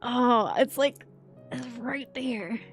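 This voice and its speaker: A woman's voice: fairly high pitch, slow pace, gravelly, husky, soft background music. A woman game streamer chatting casually on a livestream, giggling often and reacting to chat messages.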